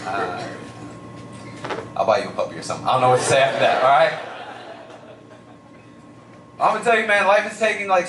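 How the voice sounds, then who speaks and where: A man's voice: medium pitch, roomy sound, distant mic, slight background noise. A young man doing a stand-up comedy set, telling stories animatedly and slipping into voices. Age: young adult. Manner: animated storytelling with lots of voices and shouts.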